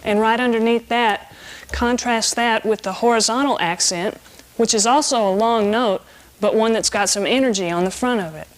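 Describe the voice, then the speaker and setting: A middle-aged woman giving a saxophone lesson, explaining clearly and patiently in an instructional tone. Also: fairly high pitch, moderate pace. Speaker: saxophone teacher.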